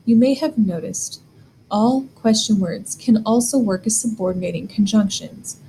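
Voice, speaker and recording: A woman's voice: medium pitch, moderate pace, vocal fry, mellow, slight background noise, rough recording. A woman teaching a German grammar lesson, explaining step by step and asking the learner questions.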